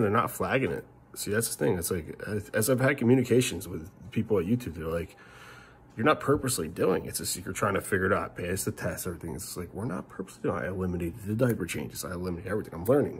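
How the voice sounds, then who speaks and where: A middle-aged man ranting in a vlog monologue, rambling and frustrated, swinging between loud outbursts and muttered curses. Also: low voice, a little hiss or hum. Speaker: family vlogger.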